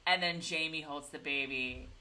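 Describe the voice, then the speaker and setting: A woman co-hosting a casual TV recap, animated and giggly, often acting out scenes in little voices. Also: low-pitched, moderate pace. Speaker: podcast co-host recapping a TV episode. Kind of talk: casual chat.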